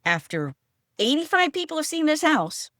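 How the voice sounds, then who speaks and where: A woman's voice: high voice, big pitch swings, moderate pace, fairly bright tone, no room sound, studio quality. A woman hosting a podcast, asking questions and sharing stories in a chatty, friendly way. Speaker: podcast host. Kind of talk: casual podcast interview. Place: Florida Gulf coast.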